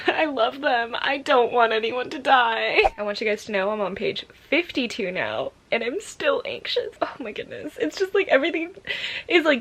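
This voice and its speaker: A woman's voice: fairly high pitch, a bit bright, breathy edge. A young woman chatting casually in a book vlog at home, gushing and anxious, with lots of fillers. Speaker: book vlogger.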